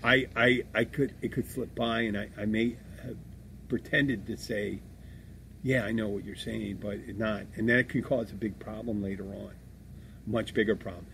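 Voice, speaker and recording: A man's voice: on the low side, fairly even intonation, moderate pace, fairly bright tone. A middle-aged man hosting a casual podcast about bar work, talking in a rambling, profane way with many restarts. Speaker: podcast host, bartender. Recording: faint background noise.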